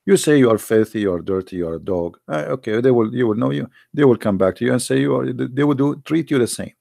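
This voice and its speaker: A man with halting, non-native English giving a casual, heated, argumentative monologue to viewers, often repeating himself. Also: mid-range voice, expressive, vocal fry, dark tone, no room sound, studio quality. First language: not English.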